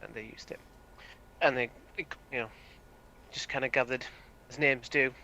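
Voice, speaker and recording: Bright man rambling through a description. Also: medium pitch, fairly even intonation, moderate pace, a little hiss or hum, rough recording. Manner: rambling, hesitant, lots of "like". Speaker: tabletop game player. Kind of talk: casual in-game description.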